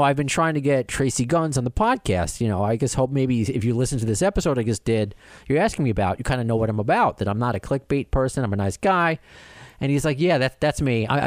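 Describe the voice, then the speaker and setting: A middle-aged man hosting a podcast chats casually, a little fast at medium pitch, telling a rambling story with many restarts and acted-out dialogue in an animated way. The clean studio recording has no room sound.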